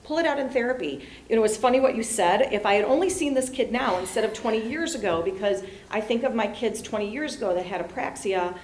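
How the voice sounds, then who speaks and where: A woman's voice: mid-range voice, fast talker, few pauses, darkish tone. Enthusiastic woman panelist in echoey room. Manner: enthusiastic, quotes herself. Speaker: speech therapist panelist. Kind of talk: panel discussion. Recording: echoey room, light noise.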